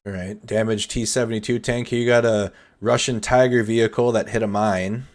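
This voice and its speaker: A somewhat low-voiced man talks over footage on a live stream in a casual, chatty, energetic way. He comments freely and addresses viewers directly as the host. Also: a little fast. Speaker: host of nightly war update stream.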